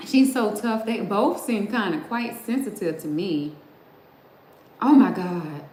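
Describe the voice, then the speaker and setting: A middle-aged woman hosts a casual livestream, talking straight to her chat in a loose, chatty way and laughing often. Her voice sits at an ordinary pitch for a woman. The room around her sounds open and echoey, with a faint hum of background noise. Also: lively intonation, slow pace, a little mellow. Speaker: livestream host. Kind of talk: casual chat with live viewers.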